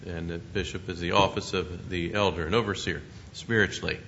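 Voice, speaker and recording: A man teaching a Bible study with a bright, forceful tone, explaining scripture in a measured way. He sits a little low in pitch, and the recording is muffled and lo-fi, with a faint hiss behind him. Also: steady tone.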